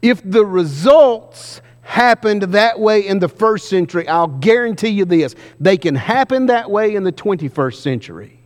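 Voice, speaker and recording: Man, preacher, high-pitched voice, emphatic questioning, sermon, long hall reverb. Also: animated, normal speed, hardly any pauses. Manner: emphatic, questioning the congregation, varying pace widely.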